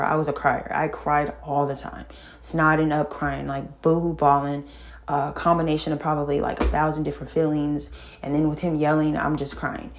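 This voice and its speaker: A middle-aged woman telling a painful personal story in casual talk, halting and full of fillers and restarts, sighing and shaken. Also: deep voice, a little mellow. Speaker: vlogger telling her own story.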